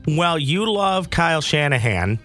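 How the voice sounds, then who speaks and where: A man hosting a sports podcast in a friendly, conversational way, a little husky with morning voice. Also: a little high, sing-song, a little slow, a bit bright, faint music behind. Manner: friendly, conversational, upbeat sign-off. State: slight morning voice. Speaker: podcast host. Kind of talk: casual sports podcast chat.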